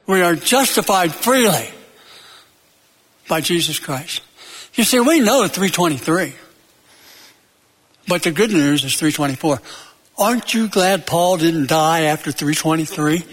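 A man preaching a sermon, emphatic, building to loud peaks and then dropping low, with stories and jokes along the way. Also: animated, unhurried, pauses often, in a large hall.

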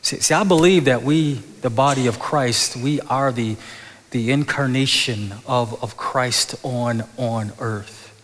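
Impassioned stammering pastor in a reverberant church. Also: male voice, medium pitch, takes it slowly, a bit bright. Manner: stammering restarts, rising to impassioned peaks. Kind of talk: sermon. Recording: long hall reverb.

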